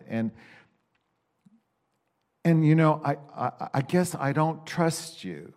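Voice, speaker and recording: A man telling in a loose, candid way how he talks with God, with many restarts. He moves between exasperated bursts and quiet, reflective stretches. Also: fairly high pitch, lively intonation, takes it slowly, pauses often. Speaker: Christian speaker sharing a personal reflection. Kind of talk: casual spoken reflection.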